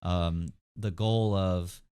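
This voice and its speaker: Young male podcast host; low, smooth voice, loose rambling delivery full of fillers. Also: steady tone, extremely slow, mellow. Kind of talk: casual chat.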